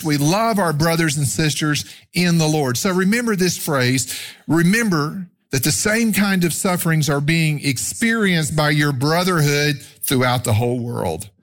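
A man, a pastor, preaching a sermon, reading scripture slowly with heavy stress and speeding up when he tells a story. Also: a little high, fairly bright tone. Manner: slow, emphatic scripture reading with rising stresses.

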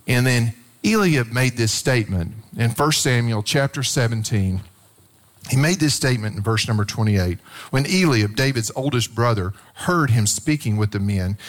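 A middle-aged man delivers a sermon with a lively, swinging pitch, leaping up and dropping low as he tells stories. He acts out the quoted lines as he goes. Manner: animated storytelling, acts out quotes. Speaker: pastor.

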